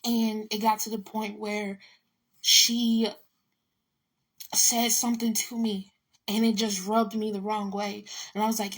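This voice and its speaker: A woman's voice: medium pitch, level tone, measured pace. A woman in telling a personal story to camera, blunt and emotional, swearing freely and repeating her words.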